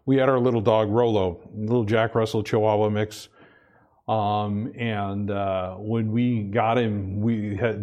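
A man preaching a sermon in a conversational way, often repeating himself and asking the congregation "Amen?", sometimes rising high with excitement. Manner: animated, rises high and loud when excited. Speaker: pastor.

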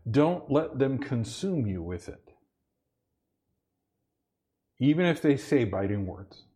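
A man preaching a sermon in a conversational way, often repeating himself and asking the congregation "Amen?", sometimes rising high with excitement. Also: takes it slowly, slightly rough. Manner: animated, rises high and loud when excited. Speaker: pastor.

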